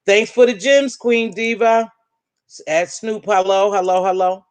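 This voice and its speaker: A woman hosting a casual live stream in a middle-pitched voice. She talks in an emphatic, preachy way, swinging her pitch up and down and calling her viewers "baby", and the close sound is dry with no room in it. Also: fairly even intonation, measured pace, a little mellow, no room sound. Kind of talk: casual live stream commentary, reading chat.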